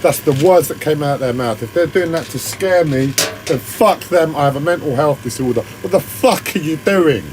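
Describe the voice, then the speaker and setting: Man, whiny voice, strained throat, rambling agitated rant, lots of swearing, a touch high. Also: moderate pace, over music, rough recording. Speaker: livestreamer. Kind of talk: ranting monologue.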